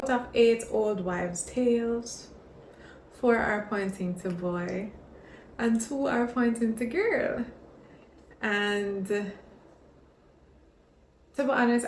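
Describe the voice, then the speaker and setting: A woman chatting in a casual vlog, telling stories in an expressive, chatty way. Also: medium pitch, slight background noise. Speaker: vlogger. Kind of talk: casual pregnancy vlog chat. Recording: echoey room.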